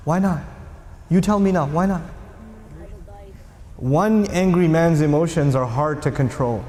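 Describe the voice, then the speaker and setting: A man giving an animated religious lecture. He asks the audience questions and acts out quotes as he tells a story. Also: on the high side, a little slow, long pauses, reverberant, long reverb tail.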